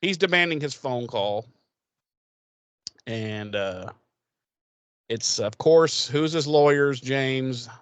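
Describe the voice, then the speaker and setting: A man's voice: mid-range voice, takes it slowly, long pauses, clean tone, no room sound. Profane, rambling man recapping an episode. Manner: rambling, profane, laughs often, acts out characters. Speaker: podcast co-host. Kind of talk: casual profane recap chat.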